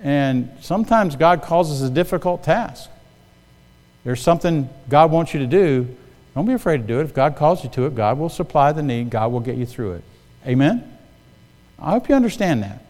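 A man's voice: on the high side, expressive, normal speed, darkish tone. A middle-aged male pastor preaching a sermon, telling stories and calling for amens from the congregation. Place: church sanctuary. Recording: long hall reverb.

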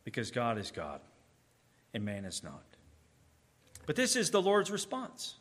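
A man preaching a sermon, emphatic, swinging between booming declarations and hushed, slow asides. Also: huge pitch swings, slightly rough.

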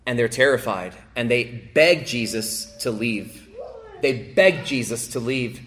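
A male pastor preaching a sermon, repeating phrases for emphasis and swinging between raised, emphatic passages and hushed, quiet ones. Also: mid-range voice, slow pace.

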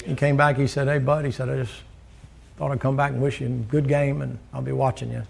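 A man's voice: mid-range voice, little pitch movement, a little fast, gravelly. An older man preaching a sermon, telling a folksy story, laughing and acting out the dialogue.

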